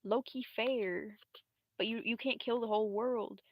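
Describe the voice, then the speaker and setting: A woman's voice: on the high side, fairly even intonation, unhurried, dry recording, highs cut off. Woman doing a slangy young heroine. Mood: hurt. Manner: slangy, casual, says bruh a lot. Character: young woman hero, cares for everyone.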